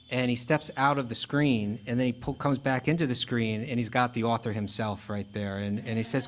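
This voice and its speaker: A man giving a relaxed, conversational spiritual talk, with frequent fillers and restarts. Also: medium pitch, fairly quick, slight background noise. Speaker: spiritual teacher. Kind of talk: casual lecture.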